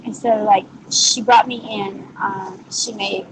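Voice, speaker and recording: A woman's voice: mid-range voice, fairly even intonation, slow pace. A woman from Louisiana with a Southern accent, chatting loosely with fillers and restarts as she hosts a group video call. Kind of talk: casual group-call chat. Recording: noisy online call audio.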